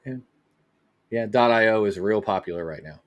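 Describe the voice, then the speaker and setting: A blunt man co-hosting a casual livestream who drops short, quick remarks and swears freely. His voice sits fairly low. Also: dull audio. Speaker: livestream co-host. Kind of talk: casual chat.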